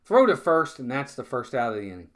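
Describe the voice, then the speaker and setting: A man's voice: medium pitch, sing-song, fast. A man calling live baseball play-by-play in a casual, chatty way, often repeating words and talking to his viewers. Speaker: fan play-by-play streamer.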